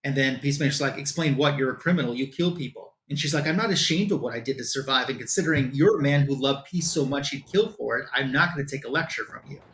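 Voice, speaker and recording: A man's voice: mid-range voice, quick pace, hardly any pauses, fairly bright tone, a little hiss or hum. A man on a comic book show, casually recapping a plot in loose quoted dialogue with lots of fillers.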